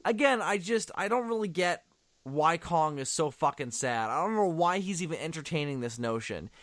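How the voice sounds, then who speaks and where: Animated, sarcastic man with a dry sound. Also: fairly high pitch, normal speed, no room sound. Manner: animated, sarcastic, swears often. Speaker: movie commentary host. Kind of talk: casual movie commentary.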